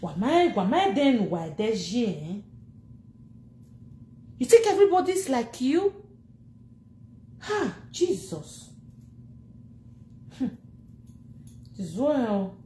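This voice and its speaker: A woman speaking in a Nigerian Pidgin English accent, ranting casually to camera in an animated, laughing and scolding way. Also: fairly high pitch, takes it slowly, long pauses, echoey room, slight background noise. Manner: animated, laughing, scolding and mocking, switching languages. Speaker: social media personality.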